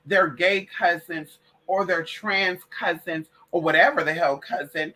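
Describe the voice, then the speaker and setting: A woman's voice: on the low side, a little slow, sharp tone. A woman hosting a late-night livestream in casual, profane chat, calling her listeners girl and y'all. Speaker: livestream host.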